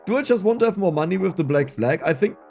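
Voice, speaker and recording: A man giving casual gameplay commentary, excitable and laughing often, with a strained, scratchy voice. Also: high voice, fast talker, creaky, soft background music. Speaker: gaming YouTuber.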